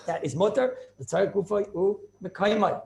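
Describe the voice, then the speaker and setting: A man teaching a class as a rabbi, lecturing in a lively yeshiva style, repeating phrases and throwing out rhetorical questions. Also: high-pitched, brisk, gravelly.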